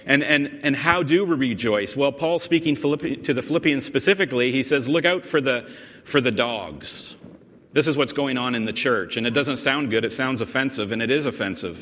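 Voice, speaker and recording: A male pastor delivers an explanatory sermon at a mid-range pitch, pressing his points with emphasis. He often restarts and doubles words as he goes. His voice rings with a long reverb in a big church hall. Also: a little fast, hardly any pauses, a bit bright.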